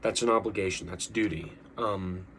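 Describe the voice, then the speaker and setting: Low-voiced young man rambling earnestly. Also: steady tone, normal speed, a bit bright, slight background noise. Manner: earnest, rambling, frequent restarts and fillers. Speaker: vlogger. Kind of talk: casual talking-head monologue.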